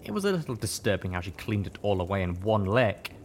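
A man giving a first-person audiobook narration with steady storytelling. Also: lowish voice, fast.

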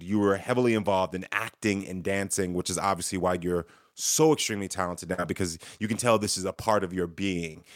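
A man's voice: sits low, dry recording, clean studio sound. A man hosting an interview podcast in an upbeat, enthusiastic, chatty way. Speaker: podcast host.

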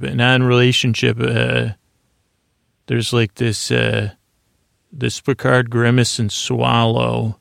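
Gravelly rambling man recapping sleepily. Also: medium pitch, monotone, a bit bright, no room sound, studio quality. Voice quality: gravelly, creaky. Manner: rambling, halting, many fillers and restarts. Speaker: podcast host retelling an episode. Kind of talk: drowsy sleep podcast recap.

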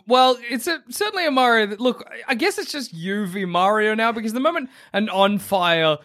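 A man co-hosts a podcast while fighting off the hiccups, joking and firing off playful questions. His voice sits high and bright and swings lively in pitch. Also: fairly quick. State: has the hiccups. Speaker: podcast co-host. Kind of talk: casual chat.

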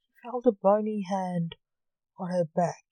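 A woman narrating a dark storybook tale in a measured, even way. Her pace is slow, her tone mellow, and the recording is close and dry. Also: mid-range voice, no echo, low-quality recording.

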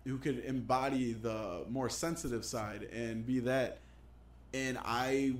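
A man chatting casually with friends about movies, excitable, laughing and swearing. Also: mid-range voice. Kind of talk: casual podcast chat.

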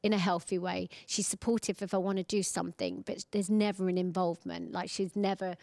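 A woman in her forties, an interview guest, chatting warmly and acting out quoted voices in her stories. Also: on the low side, flat delivery, a little fast, vocal fry, no room sound. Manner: chatty, warm storytelling, acts out quoted voices. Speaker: guest, singer. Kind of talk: casual interview chat.

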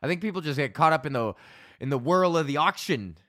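Alberta guy ranting on his podcast, bright edgy voice, swears a lot, laughs at himself, dry close mic. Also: on the high side, expressive, fast, dry recording. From Alberta, Canada. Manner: profane, laughing, acts out both sides of phone calls. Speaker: podcast host and stand-up comic. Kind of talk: casual solo podcast rant.

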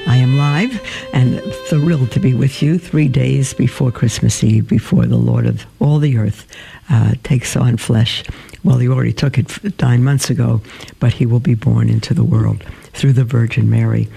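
Middle-aged guy hosting call-in radio, earnest, lots of ums, gravelly and mellow. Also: mid-range voice, fairly even intonation, normal speed, soft background music. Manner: gentle, earnest, with hesitant fillers. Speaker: host of a Catholic call-in radio show. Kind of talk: live radio talk, reading a story aloud.

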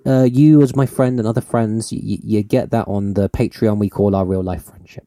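A man co-hosts a podcast with a relaxed, mellow voice, recorded close in a dry room. He talks in an excitable, rambling way, laughing often and swearing freely. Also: on the low side, brisk, no room sound. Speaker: podcast co-host. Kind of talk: casual chat.

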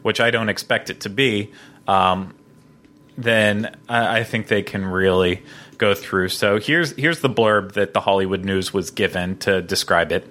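A man's voice: lowish voice, measured pace, a bit bright, slight background noise. A man hosting a casual podcast chat, talking enthusiastically and rambling through restarts. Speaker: podcast host.

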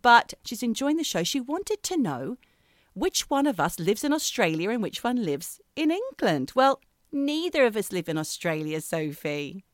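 A woman's voice: on the high side, big pitch swings, normal speed, no room sound, studio quality. A middle-aged woman co-hosting a podcast, chatting casually with a playful, teasing manner. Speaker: podcast co-host. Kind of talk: casual chat.

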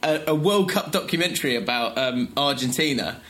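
A man's voice: mid-range voice, a little fast. A man, telling stories in a casual podcast chat and laughing as he goes. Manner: animated, laughs through his anecdotes. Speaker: podcast co-host.

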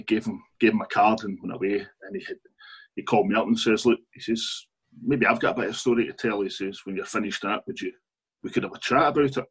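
A man's voice: on the low side, husky, low-quality recording. A Scottish man, an author being interviewed, telling long anecdotes in a chatty way, laughing often and restarting his sentences. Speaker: author and guest. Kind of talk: casual interview storytelling.

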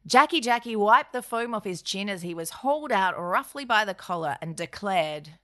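A woman's voice: mid-range voice, lively intonation, normal speed, bright, forceful tone. A woman co-hosting, telling a comic history story with playful, wry asides. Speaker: podcast co-host narrator.

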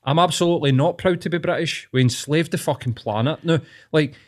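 A man's voice: on the high side, a little fast, a little mellow. A young Scottish man hosting a podcast, giving blunt, sweary, opinionated rants in casual chat. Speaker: podcast host.

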